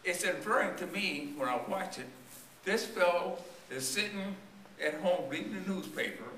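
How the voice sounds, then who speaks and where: A man's voice: sits high, moderate pace, pushed and bright, slight background noise. A man preaching a storytelling sermon to his congregation, his voice strained and tiring, asking the people questions as he goes. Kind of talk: church sermon. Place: church sanctuary. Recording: echoey church recorded from a distance.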